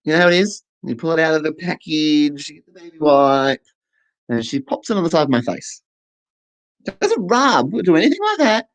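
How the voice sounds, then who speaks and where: An Australian-accented comic storyteller with a very lively voice that swings up and down. The delivery is animated and self-mocking, and the voice sits in the middle of the pitch range. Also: normal speed, low-quality recording. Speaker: stand-up performer, voicing a deaf comedian's set. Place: online festival stage.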